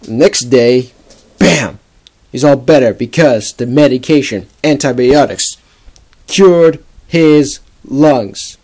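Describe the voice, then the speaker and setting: A man's voice: mid-range voice, slow pace, mellow. A young man casually narrating a homemade comic story, rambling with lots of "like". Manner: rambling, full of "like".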